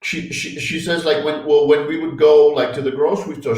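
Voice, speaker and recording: A rambling, hesitant man from North America chats casually, his voice a little high for a man. He sits back from the mic in an echoey room, so he sounds distant and roomy. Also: little pitch movement, fairly quick, darkish tone. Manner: rambling, hesitant, many fillers and restarts. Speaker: regular of an expat chat show. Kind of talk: casual chat.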